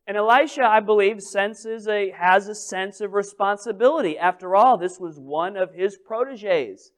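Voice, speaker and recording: A male pastor preaching a sermon in a conversational, humorous way, moving between loud emphasis and quiet asides. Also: high-pitched.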